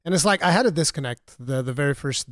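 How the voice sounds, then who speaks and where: A man's voice: on the high side, animated, fast talker, a bit bright, no echo, studio quality. A laid-back man hosting a podcast, chatting casually and laughing often. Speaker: podcast host. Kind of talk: casual chat.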